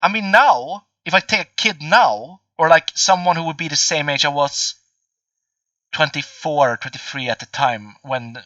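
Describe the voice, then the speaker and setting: A man's voice: on the high side, normal speed, bright, forceful tone, no room sound, recorded from a distance, muffled recording. A man in his twenties chatting casually as a podcast host, rambling and swearing with many fillers. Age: 20s. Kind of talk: casual chat.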